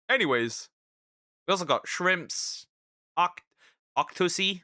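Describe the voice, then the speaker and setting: Man, streamer, casual reaction commentary, bright tense voice, lively pitch that swings up and down, repeats himself when excited. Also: normal speed, dry recording, studio quality. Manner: animated, exclaiming and repeating himself.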